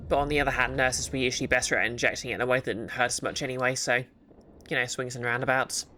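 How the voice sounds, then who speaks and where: A woman's voice: a bass voice, steady tone, fast talker, pushed and bright, faint music behind. Chatty woman streaming a game. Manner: chatty, rambling with many fillers. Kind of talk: casual game stream chat.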